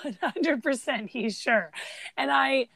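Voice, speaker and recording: A woman co-hosting a casual chat about films, telling scenes with chatty, animated storytelling. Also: high-pitched, slow, vocal fry, no echo. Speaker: podcast co-host.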